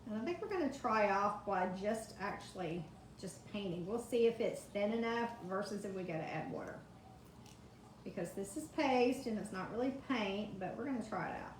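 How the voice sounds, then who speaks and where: A woman's voice: mid-range voice, lively intonation, moderate pace, slight background noise. A woman chatting through a live craft demonstration, greeting viewers by name from her home kitchen. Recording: echoey kitchen, faint ambience.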